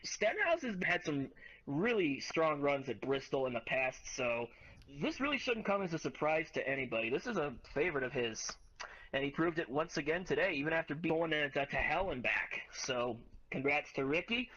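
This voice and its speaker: A man chatting as co-host of a sports podcast. He gets enthusiastic and rambles, and his pitch swings widely. His voice comes through dull and lo-fi. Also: very animated, normal speed, pushed and bright. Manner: enthusiastic, rambling recaps with fillers. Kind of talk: casual sports podcast chat.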